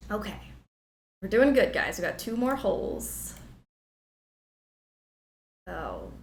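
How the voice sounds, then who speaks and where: A woman's voice: medium pitch, sing-song, extremely slow, gravelly, pauses often, darkish tone. A young woman streaming a game, chatting playfully and repeating herself as she plays. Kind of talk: casual gameplay commentary. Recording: roomy sound with game music behind. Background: game music.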